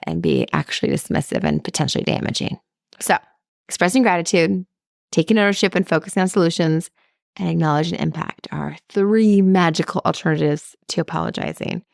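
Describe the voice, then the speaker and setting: A woman's voice: low-pitched, gravelly, no room sound, studio quality. A woman hosting a podcast, talking casually and chattily with lots of "like" and "right?". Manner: chatty, lively, frequent "like" and "right?". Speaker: podcast host. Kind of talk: casual solo podcast talk.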